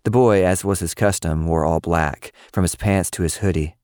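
A man narrating a story in a steady, even storytelling manner. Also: sits low, moderate pace, no echo, clean studio sound. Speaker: audiobook narrator. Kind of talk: scripted narration.

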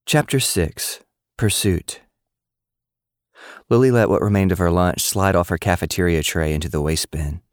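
A man reading a novel aloud as its narrator, steady and measured. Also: deep voice, no room sound, studio quality. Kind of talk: scripted audiobook narration.

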